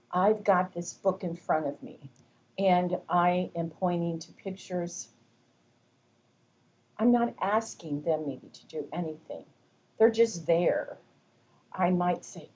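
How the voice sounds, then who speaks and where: Woman, lecturer, fairly low voice, soft faint noise behind. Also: highs cut off. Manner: slow, deliberate explanations with demonstrated whispers. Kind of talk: recorded lecture.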